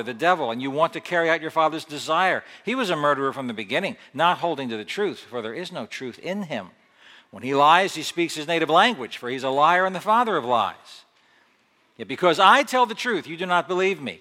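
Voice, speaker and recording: Bright-voiced male preacher in a reverberant hall. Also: fairly high pitch. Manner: reads scripture with rising emphasis, then explains conversationally. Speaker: Bible teacher. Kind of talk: sermon mixing scripture reading and explanation.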